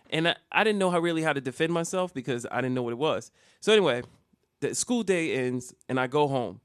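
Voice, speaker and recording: A man from Jersey City telling a funny childhood story on a podcast, animated and laughing often. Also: on the high side, fast talker, no room sound, clean studio sound. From Jersey City, New Jersey. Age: adult with child. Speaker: podcast co-host. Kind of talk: casual comedic storytelling. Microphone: studio mic.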